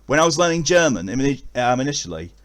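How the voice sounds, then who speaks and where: A man's voice: mid-range voice, big pitch swings, quick pace, fairly bright tone. A man with an English accent chatting casually to his viewers at the end of a stream, rambling with many fillers and restarts. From England.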